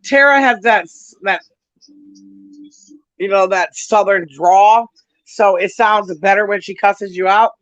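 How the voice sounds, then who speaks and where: A woman's voice: mid-range voice, takes it slowly, long pauses, dry recording, lo-fi sound. A woman hosting a casual livestream chat, telling brash, profane stories and often breaking into laughter. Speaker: livestream host.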